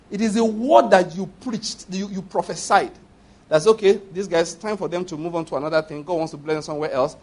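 Male pastor, somewhat higher voice, husky, animated sermon delivery. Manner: animated preaching with rhetorical questions and acted prayers.

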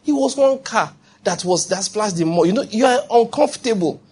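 A man preaching a sermon as pastor, animated, acting out quoted voices and checking in with the congregation. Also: sits high, normal speed, slightly rough.

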